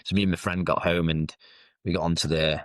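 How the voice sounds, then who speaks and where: A man, telling his own life story as a podcast guest in a halting, reflective way. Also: deep voice, flat delivery, a bit bright, no echo. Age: 30s. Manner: reflective, halting, with frequent fillers and restarts. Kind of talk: candid personal storytelling.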